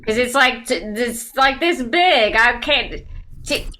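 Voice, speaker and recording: A woman from South Carolina, doing a dry stand-up set over a video call, with quick asides and mimicry. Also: fairly high pitch, expressive, sharp tone. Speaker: stand-up comedian.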